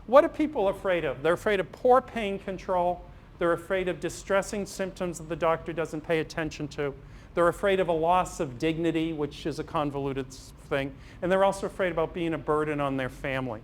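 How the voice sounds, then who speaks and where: Storytelling man, slightly high voice. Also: a little fast, slight background noise. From Massachusetts, USA. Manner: storytelling, acts out dialogues with humor. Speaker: priest and physician giving a parish talk. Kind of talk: anecdotal public talk. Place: parish hall.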